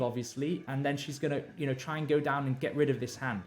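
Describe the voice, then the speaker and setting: A man's voice: mid-range voice, steady tone, fast, few pauses. A male novelist on a live stream, talking through his writing with many fillers and restarts and reading draft lines aloud. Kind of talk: thinking aloud while drafting.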